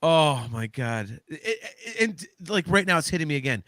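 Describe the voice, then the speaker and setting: Gushing man with a bright voice. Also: fairly high pitch, big pitch swings, normal speed, no echo. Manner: effusive, gushing, stumbles over words. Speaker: podcast guest. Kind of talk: casual movie watch-along chat.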